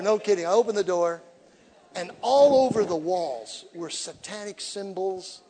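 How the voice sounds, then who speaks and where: A man preaching as an evangelist, telling stories with humor and swinging from quiet to shouting. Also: high voice, measured pace. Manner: animated storytelling with humor, shifts from quiet to shouting. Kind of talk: sermon. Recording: echoey hall reverb.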